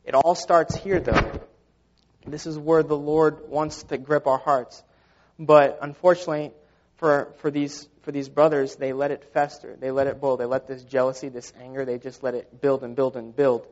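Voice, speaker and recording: A man's voice: medium pitch, level tone, moderate pace. A man preaching a sermon in an earnest, conversational way, often saying "you know", recorded with a dull, lo-fi sound. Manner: earnest, conversational with repeated fillers.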